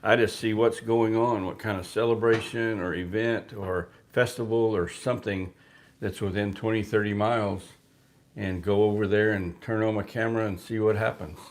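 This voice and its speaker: Folksy man with a low voice. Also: fairly even intonation, normal speed. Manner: folksy, joking storyteller. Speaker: livestream co-host. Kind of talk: casual chat.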